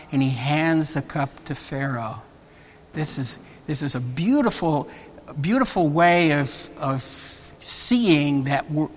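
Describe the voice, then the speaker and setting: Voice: mid-range voice, a bit bright. A preacher giving a sermon, often repeating words and restarting phrases. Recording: long hall reverb.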